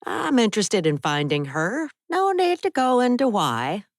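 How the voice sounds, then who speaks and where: A woman's voice: mid-range voice, huge pitch swings, unhurried, no echo, studio quality, voice pushed up. A woman voicing a menacing gray-haired older man who is a pushy stranger making veiled threats, in an audiobook. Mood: probing.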